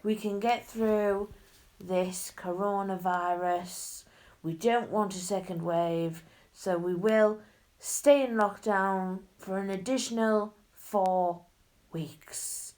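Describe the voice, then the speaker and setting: A solemn male prime minister addresses the nation in a soft, hushed voice, as a woman puts him on. He talks slowly and carefully and stays low and quiet. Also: steady tone, close to an everyday voice.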